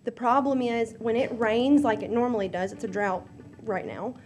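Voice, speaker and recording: A woman's voice: on the high side, steady tone, normal speed, darkish tone, faint music behind. Nervous young woman. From Louisiana. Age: 20s. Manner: nervous and emotional, hesitant with many ums. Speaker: resident speaking at public hearing. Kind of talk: public comment at a zoning meeting. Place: public meeting room.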